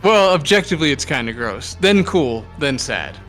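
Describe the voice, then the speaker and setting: A man performs a dry-witted Scottish barman with a slightly high voice. He delivers each line flat and wry. Faint music plays beneath the reading. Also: moderate pace. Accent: put-on Scottish. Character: friendly Scottish male bar helper.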